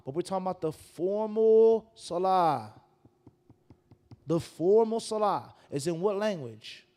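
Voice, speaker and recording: Animated high-voiced male preacher. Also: measured pace. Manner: animated, rhetorical questions, mocking asides. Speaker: mufti giving a mosque lesson. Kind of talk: sermon-style lecture.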